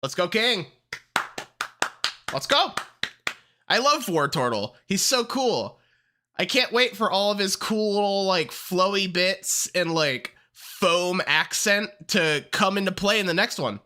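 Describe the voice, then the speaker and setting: Bright and sharp, this streamer's voice leaps around in pitch during casual livestream chat. Excitable and foul-mouthed, they rant and then laugh, yet the delivery stays unhurried and drawn out even in the heated moments.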